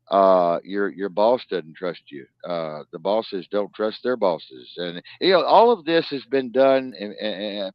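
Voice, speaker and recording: A man running a live-streamed news talk show launches into profanity-laced rants, his volume jumping between loud bursts and quiet muttering. The audio is dry and lo-fi with a dull quality and no room sound.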